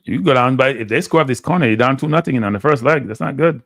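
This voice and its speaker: A man's voice: mid-range voice, quick pace, gravelly, a bit bright, no echo. Man doing live fan commentary, dry sound. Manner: frustrated, blunt fan commentary. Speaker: watchalong host.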